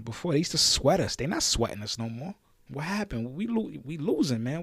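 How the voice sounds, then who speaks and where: A man's voice: lively intonation, a little fast, husky, no room sound, studio quality. Fired-up Brooklyn man ranting on a podcast. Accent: New York. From Brooklyn, New York. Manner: fired-up, challenging, shouting out names, swings between loud and low. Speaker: podcast host. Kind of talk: impassioned solo podcast rant.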